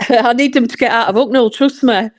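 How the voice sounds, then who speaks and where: A woman's voice: on the high side, normal speed, no echo. A woman with a Yorkshire accent chatting casually as a podcast co-host and laughing often. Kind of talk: casual chat.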